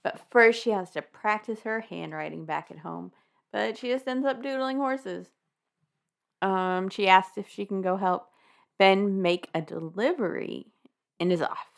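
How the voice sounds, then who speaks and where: Creaky-voiced woman recapping a book. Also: mid-range voice, measured pace. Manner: wry, laughing, swears casually. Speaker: podcast co-host. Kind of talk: casual chat recapping a children's book.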